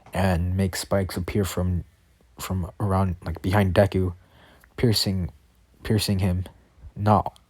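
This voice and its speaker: Low, husky guy rambling through a story. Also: darkish tone, no echo. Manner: rambling, filler-heavy, frequent self-corrections. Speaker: fan storyteller. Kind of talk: improvised fan-fiction narration. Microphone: computer voice-chat mic.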